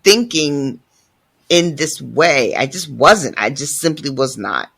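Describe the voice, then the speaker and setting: A man hosting a book podcast with a bright voice that swings widely in pitch. He talks slowly and dramatically, pausing for effect and swearing freely. His reactions are big and expressive. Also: vocal fry, husky. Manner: animated, profane, dramatic. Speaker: podcast host. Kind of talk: casual book discussion.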